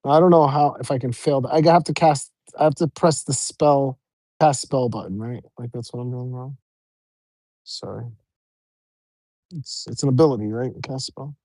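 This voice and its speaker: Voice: mid-range voice, steady tone, moderate pace, dark tone, no room sound. A player in a tabletop role-playing game, talking casually and hesitantly, often correcting themselves.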